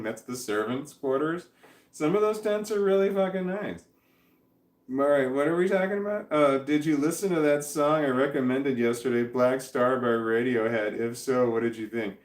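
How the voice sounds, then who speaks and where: Rambling, foul-mouthed man in an echoey room. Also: mid-range voice. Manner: rambling, swears constantly, loses his train of thought. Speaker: livestreamer answering chat. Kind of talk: rambling casual monologue.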